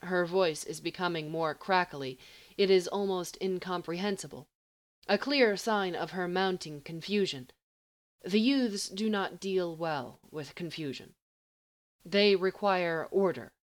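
A woman reading a story aloud in a measured, even way. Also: on the low side. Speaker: narrator.

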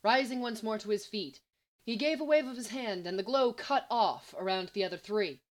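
Brief: a woman reading fiction aloud, measured and even. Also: fairly high pitch. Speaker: story reader. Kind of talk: read-aloud fan fiction narration.

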